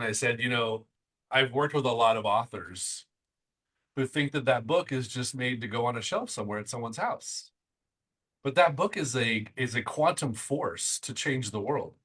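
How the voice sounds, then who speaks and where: A middle-aged man hosts a motivational interview with a bright, forceful tone. He talks in excitable bursts and keeps the energy high. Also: rough recording. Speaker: interview host. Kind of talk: enthusiastic motivational chat.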